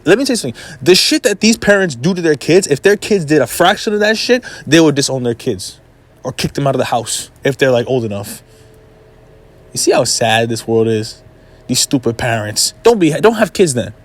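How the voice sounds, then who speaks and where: A man ranting to his viewers in a blunt, profane, heated way, giving life advice. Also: a little high. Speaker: vlogger. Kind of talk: casual rant to camera.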